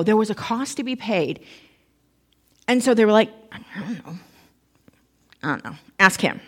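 Woman preaching a conversational sermon. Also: a little high. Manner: conversational storytelling, acting out quoted voices.

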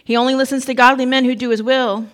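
A woman's voice: high voice, flat delivery, quick pace. A woman preaching a sermon in a conversational storytelling way, acting out the voices of the people in the story.

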